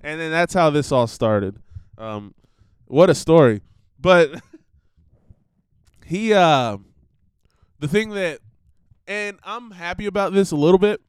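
A man's voice: a little high, animated, a little slow, long pauses, clear, resonant tone, no echo, clean studio sound. A young man hosting a podcast, rambling in a casual monologue full of fillers and laughter. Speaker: podcast host. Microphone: computer recording setup.

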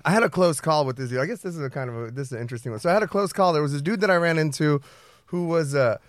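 A man's voice: on the high side, rapid-fire, no room sound, clean studio sound. A man telling a story in loose, rambling casual talk, full of "you know" and "like.". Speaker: guest.

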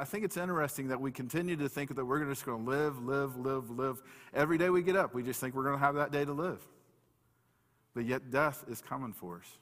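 A man preaches in an easygoing, conversational way, stumbling and restarting as he talks. When he reads scripture he slows down and lifts his voice. His mid-pitched voice rings in a church hall with a long echo. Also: fairly bright tone. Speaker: pastor. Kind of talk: sermon.

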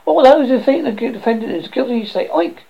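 A woman voicing a brisk, commanding pig who leads the jury. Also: on the high side, lively intonation, creaky, slightly rough, voice pushed up, heavily acted. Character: bossy pig jury foreman. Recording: dull lo-fi recording.

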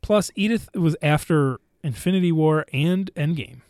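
A talkative man recapping films in a loose, rambling way, restarting sentences as he goes. His voice sits a little high for a man. The sound is dry and close, with no room around it. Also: normal speed, a little mellow, no echo. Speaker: podcast co-host. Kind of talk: casual movie chat.

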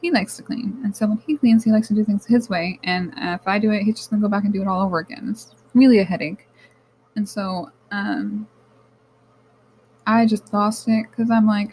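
A young woman hosting her own podcast, speaking in a candid, animated, casual monologue that often turns to swearing. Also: mid-range voice, normal speed, husky, rough recording. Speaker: podcast host.

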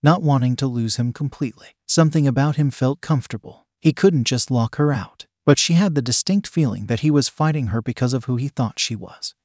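A male narrator reads a story aloud in a steady, even way. His pitch sits in the middle range, and the recording is close and dry, with no room echo. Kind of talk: scripted narration.

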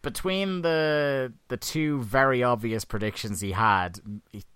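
A man's voice: medium pitch, unhurried, fairly bright tone, clear, resonant tone, no echo. A man hosting a podcast in casual chat, joking and laughing often. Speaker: podcast host.

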